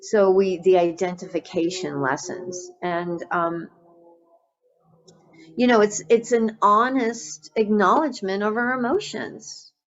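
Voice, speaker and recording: A woman meditation teacher giving a Buddhist dharma talk in a gentle, reflective way, with frequent fillers and restarts. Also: mid-range voice, slow, highs cut off.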